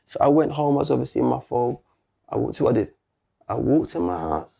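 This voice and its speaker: A man's voice: medium pitch, animated, fast talker, creaky, mellow, breathy edge. A man with a British accent, telling a personal story in an interview in casual, slangy street talk, acting out the dialogue. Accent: British English. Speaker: guest.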